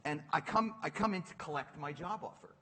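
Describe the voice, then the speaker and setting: A middle-aged man on stage telling a lively, self-mocking story and laughing through his lines. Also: a little high, fairly quick, slightly rough, long reverb tail. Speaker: panel guest. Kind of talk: animated onstage storytelling. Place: stage at a public talk.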